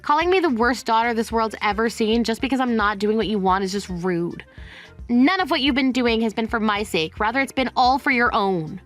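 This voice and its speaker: A woman's voice: on the high side, expressive, brisk, close to an everyday voice. Synthetic woman voicing a blunt fed-up divorcee. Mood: firm. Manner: cold, blunt. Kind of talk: text-to-speech text story. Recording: faint music underneath.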